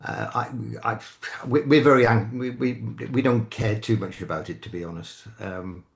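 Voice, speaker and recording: As a guest commentator in casual chat, an older man with a British English accent from England talks haltingly, with many restarts and self-corrections. His voice is fairly low and gravelly.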